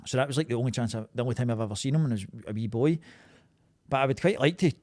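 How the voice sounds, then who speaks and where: A podcast co-host with a Scottish Glaswegian accent trades sweary, jokey casual banter and tells stories animatedly. His medium-pitched voice comes rapid-fire, with no echo.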